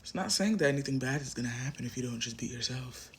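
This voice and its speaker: Man, tarot reader, husky voice, middle pitch, impassioned, emphatic, repetitive, profane. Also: animated, fast. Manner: impassioned, emphatic, repeats phrases, swears. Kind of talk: collective tarot reading, speaking to viewer.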